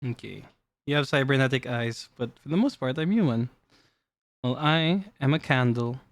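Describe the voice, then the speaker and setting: A man streaming live, chatting casually with his chat while showing cards, playful and quick to laugh. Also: medium pitch, no echo. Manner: playful, giggly, talks to chat. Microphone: desk mic.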